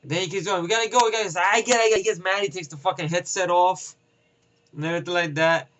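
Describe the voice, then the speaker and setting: A man giving a casual, rambling film review, profane and excitable, acting out scenes with voices. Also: high-pitched, quick pace, a little hiss or hum, low-quality recording. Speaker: movie reviewer.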